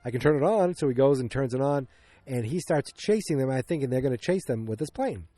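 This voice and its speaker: A man's voice: mid-range voice, animated, a little fast, dark tone, no echo. A man hosting a podcast, recapping a film casually, rambling with many restarts and acting out bits of dialogue. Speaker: podcast host.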